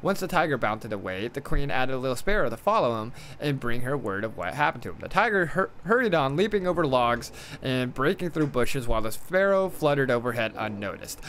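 A man's voice: medium pitch, big pitch swings, brisk, fairly bright tone, slight background noise. A male streamer reading a storybook aloud during a game stream, stumbling over words and adding irreverent asides.

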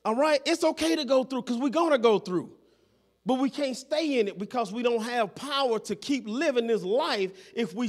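High-voiced preaching man. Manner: checks in with listeners constantly, repeating phrases. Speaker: pastor. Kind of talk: sermon.

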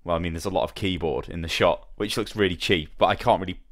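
A man's voice: low voice, quick pace. A young man chatting casually with his live-stream viewers as he assembles a model, rambling and greeting them by name.

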